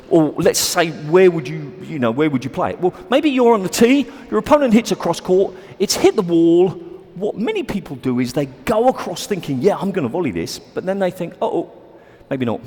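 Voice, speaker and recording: Lively husky man coaching in an echoey court. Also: sits high. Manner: demonstrating shots while explaining, chatty and self-deprecating. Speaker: squash coach. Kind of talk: on-court instructional video. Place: squash court, indoors.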